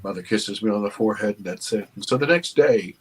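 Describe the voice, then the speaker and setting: A man, an interview guest, earnestly telling a personal story with halting restarts. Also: fairly low pitch, lively intonation, slightly rough, rough recording. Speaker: interview guest, documentary producer.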